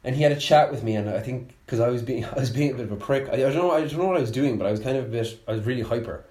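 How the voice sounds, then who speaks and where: Guy rambling with lots of likes, mid pitch, roomy echo. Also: rapid-fire, a little mellow. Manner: rambling, filler-heavy, restarts often. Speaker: podcast host. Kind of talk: casual chat.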